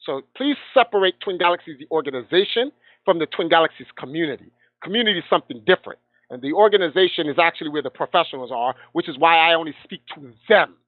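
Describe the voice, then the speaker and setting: A man's voice: on the high side, no echo. A man with a somewhat raised voice tells a heated story with passion. He slips into the voices of the people he quotes. He comes through a thin, tinny phone line with no room sound around him. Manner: passionate, acts out quoted dialogue. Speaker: guest gamer.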